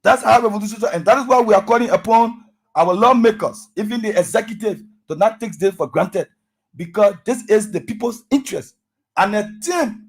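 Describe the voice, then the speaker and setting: A man speaks as a guest on a radio talk show, husky in tone and a bit high for a man. He talks with rising passion, rallying listeners and repeating his key phrases. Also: rough recording. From Liberia. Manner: impassioned, rallying speech with repetitions. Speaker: student activist guest.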